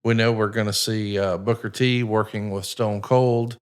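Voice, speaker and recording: A man's voice: lowish voice, steady tone, moderate pace, smooth. A man co-hosting a podcast, narrating footage and asking questions in casual chat. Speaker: podcast co-host.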